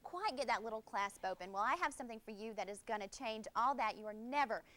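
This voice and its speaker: A woman's voice: fairly high pitch, lively intonation, fast talker. A young woman with an Alabama Southern accent, a host candidate talking earnestly and demonstrating a product on air. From Alabama, USA. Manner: upbeat, earnest, warmly persuasive. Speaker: host candidate, news anchor.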